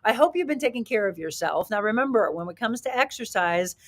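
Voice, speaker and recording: A woman hosting a talk radio show as a fitness and life coach, speaking in an emphatic, energetic motivational style and acting out quotes. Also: brisk. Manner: emphatic, energetic, acts out quotes with rising pitch.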